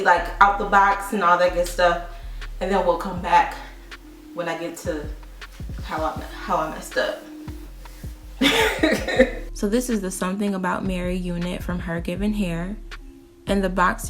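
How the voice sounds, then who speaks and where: A young adult woman vlogging a casual product review, telling her story in an animated, chatty way with frequent laughs and asides to viewers. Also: fairly low pitch. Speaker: beauty vlogger. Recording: roomy, distant mic with faint music.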